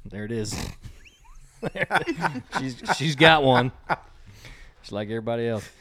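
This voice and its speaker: A home quiz host with a mid-range voice reads jokes aloud and laughs at his own gags in a loose, filler-filled way. He sounds animated, pushed, and bright, yet takes it slowly.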